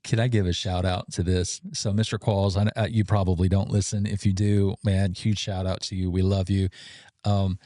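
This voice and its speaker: A man's voice: deep voice, moderate pace, no echo. Playful man, dry sound. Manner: playful, animated storyteller, self-mocking jokes. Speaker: podcast co-host. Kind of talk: casual podcast chat.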